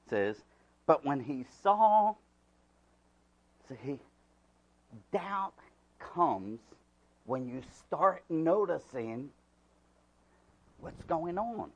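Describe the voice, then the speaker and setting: A man preaching a sermon as pastor. He swings from hushed asides to loud, emphatic preaching and repeats key words for emphasis. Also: medium pitch, breathy edge, dull audio.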